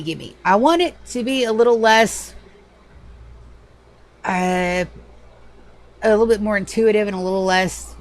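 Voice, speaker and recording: A woman streaming a game live from home, chatting casually in a loose, profane, animated way at a desk microphone. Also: fairly low pitch, a little hiss or hum. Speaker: livestreamer. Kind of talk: casual gaming livestream chat.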